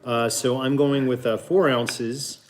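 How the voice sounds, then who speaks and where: A man's voice: medium pitch, fairly even intonation, slow pace. A man hosting a casual home cooking show, swearing freely and cracking jokes while he mixes drinks and explains the recipe. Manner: profane, wisecracking.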